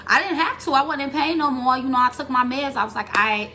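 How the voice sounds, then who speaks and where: Animated, foul-mouthed young woman telling a story. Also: high voice, quick pace, a little hiss or hum. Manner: animated, profane, acts out other people's lines in raised voice. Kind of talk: casual storytime vlog.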